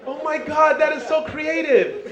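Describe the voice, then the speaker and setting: A man's voice: very high-pitched, a little slow, crowd noise, pitched above the performer's own voice. A man voicing his little sisters as cheering young girls, squealing in a cheerleader chant. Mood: shrill cheering. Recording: roomy dull club recording.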